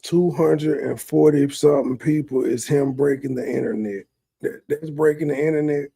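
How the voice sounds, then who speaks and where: Man, sarcastic mocking commentary, gravelly husky voice, dark tone, dry sound. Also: on the high side, fairly even intonation, moderate pace, no echo. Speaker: livestream commentator.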